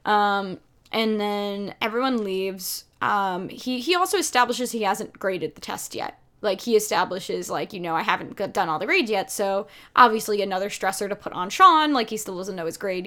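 A woman co-hosting a casual TV recap podcast, animated and filler-heavy, acting out quotes from the show. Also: mid-range voice, normal speed. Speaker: podcast co-host. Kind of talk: casual chat.

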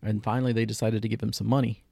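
Gravelly, mellow-voiced man reviewing shows. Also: lowish voice, flat delivery, very fast, no room sound, studio quality. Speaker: podcast co-host. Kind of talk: casual chat, reviewing shows.

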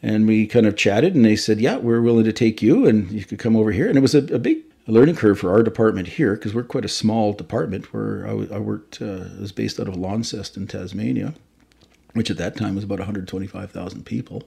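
A man's voice: on the low side, fairly quick, gravelly, mellow, breathy edge. A man in his fifties from Canada, a fire chief telling stories in a casual interview, rambling and correcting himself as he goes. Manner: rambling, self-correcting storyteller.

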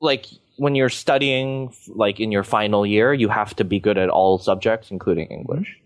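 A man's voice: on the low side, moderate pace, no room sound. Young male podcast host from Canada, loose rambling delivery full of fillers, dry close-mic sound. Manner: rambling, filler-heavy, lots of "like" and "you know". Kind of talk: casual chat.

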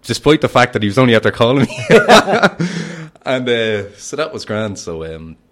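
On a casual podcast, a young Irish fighter speaks at normal speed in a mid-range, fairly bright voice that's very animated. He comes across as cocky and boastful, with frequent laughter.

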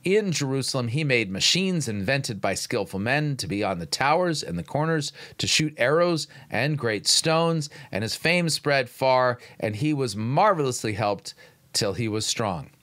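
Man reading scripture aloud, bright tone. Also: medium pitch, lively intonation, measured pace. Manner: sarcastic, incredulous interjections. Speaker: podcast host critiquing a sermon.

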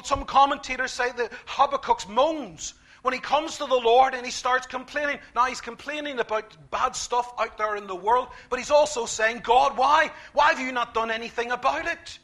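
High, bright-voiced preacher man. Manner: emphatic, repeats key phrases, swings from quiet to loud. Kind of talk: sermon.

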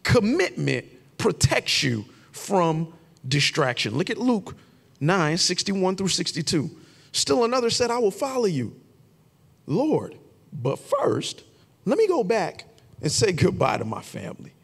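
High, gravelly preacher in a hall. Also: male voice, sing-song, unhurried. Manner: preaching with rising, shouted emphasis and sung phrases. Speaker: pastor. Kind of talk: sermon. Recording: long reverb of a large hall.

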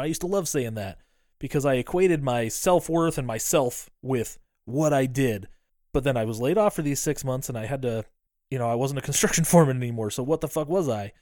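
A podcast co-host with a mid-range, slightly mellow voice recaps a movie scene by scene. He acts out the characters' lines, laughing and swearing along the way. The studio sound is clean and dry.

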